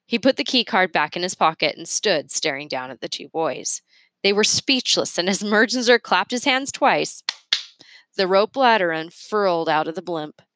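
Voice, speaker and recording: Low-voiced woman reading a storybook. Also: no room sound. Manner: expressive, measured storytelling. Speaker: reader. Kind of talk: reading a children's novel aloud.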